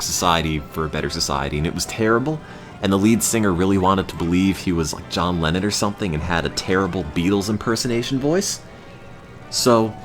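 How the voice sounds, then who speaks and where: A young man streaming live in a deep, deadpan drone that turns sour and ranting when he gets annoyed. His pitch still jumps up and down a lot within that low register. There is faint music in the background. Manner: deadpan monotone, with bursts of exasperated ranting. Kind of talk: casual chat on a live stream.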